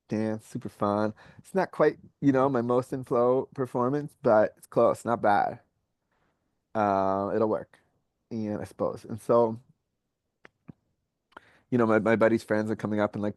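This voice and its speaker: A man with a New York accent, a podcast guest telling a personal story in a candid, animated way, acting out what people said. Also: fairly low pitch, dry recording, clean studio sound. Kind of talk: casual storytelling.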